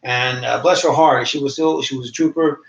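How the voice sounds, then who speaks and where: A man's voice: steady tone, brisk, creaky. A man in his thirties telling a story in casual podcast chat, acting out the quoted voices as he goes. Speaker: podcast co-host. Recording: roomy, dull low-fi sound.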